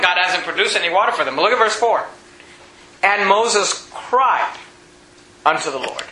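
Male preacher, high voice, very bright, animated, echoey room, faint ambience. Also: slight background noise. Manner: animated, rising to near shouts when stressing points; reads scripture aloud in a lower, slower voice. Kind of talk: sermon.

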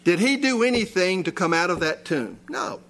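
A man's voice: high-pitched, big pitch swings, normal speed, a bit bright. A man preaching a sermon in a church, reading scripture and asking his listeners rhetorical questions with rising emphasis. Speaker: pastor.

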